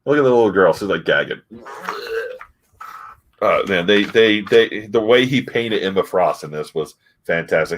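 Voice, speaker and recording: Male comic reviewer, lowish voice, chatty and halting, lots of ums. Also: lively intonation, a little hiss or hum. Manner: rambling, halting, many fillers and restarts. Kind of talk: casual comic review chat.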